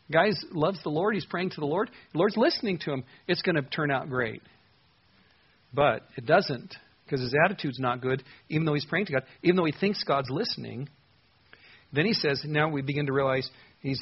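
A man preaching a sermon with a husky, slightly breathy voice. He talks in a loose, conversational way, full of filler words and sudden emphasis. The recording sounds dull and lo-fi. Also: a little high, lively intonation, brisk. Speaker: pastor. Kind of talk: expository sermon.

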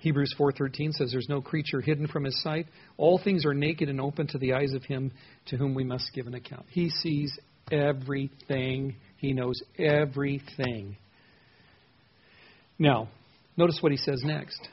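A man's voice: medium pitch, fairly even intonation, normal speed, husky. A man preaching an expository sermon in a conversational, earnest way, asking his listeners questions as he teaches. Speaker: pastor. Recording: dull lo-fi sound.

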